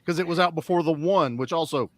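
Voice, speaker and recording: A man chatting about movies with lots of energy, putting on silly voices when he retells scenes. His voice sits a little high, and it sounds dry and close to the mic. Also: fast talker, dry recording. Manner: animated, acts out quotes in funny voices. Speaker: podcast co-host. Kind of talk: casual film chat.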